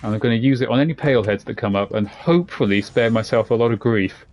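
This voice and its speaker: The audio is lo-fi, and the streamer's medium-pitched voice has a darkish tone and a quick pace. He offers casual, joking commentary while playing, rambling between asides.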